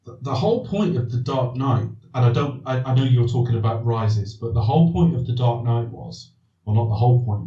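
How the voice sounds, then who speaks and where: Man, mellow, in a roomy far-off sound. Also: medium pitch. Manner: rambling, restarts sentences, asks himself questions. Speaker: podcast host. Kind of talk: casual film discussion. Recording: distant roomy dull recording.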